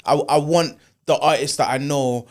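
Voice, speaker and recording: Enthusiastic host who says "bro" a lot. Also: male voice, a little high, fairly even intonation, moderate pace, darkish tone. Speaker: interview host. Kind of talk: casual interview chat.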